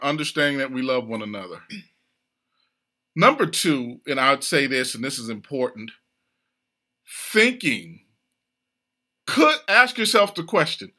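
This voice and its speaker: A man's voice: fairly high pitch, pushed and bright. A man hosting a podcast, talking earnestly and with animation about conflict in marriage. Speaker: podcast host. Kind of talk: casual chat about marriage.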